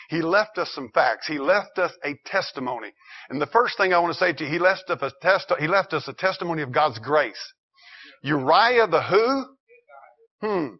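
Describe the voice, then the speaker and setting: A male pastor preaching a sermon with emphatic, building delivery. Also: fairly high pitch. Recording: dull lo-fi recording.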